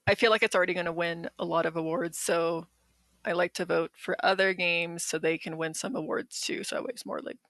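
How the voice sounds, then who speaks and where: A woman's voice: fairly low pitch, fairly even intonation, brisk, fairly bright tone, no echo. A woman co-hosting a gaming podcast in casual chat, playful and laughing easily. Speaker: podcast co-host.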